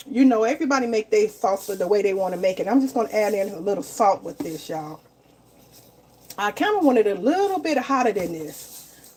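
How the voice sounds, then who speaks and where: Cooking live in her home kitchen, a woman with a medium-pitched, slightly dark voice chats casually with her viewers, calling them y'all and often repeating herself. There's a little background noise.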